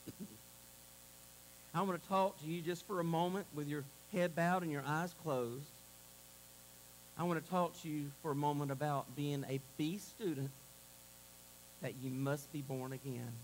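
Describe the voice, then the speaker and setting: A man preaching a sermon to a congregation, moving between loud exclamations and a hushed altar call. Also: a little high, fairly even intonation, a little slow, pauses often, slight background noise, low-quality recording. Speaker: pastor. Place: church sanctuary.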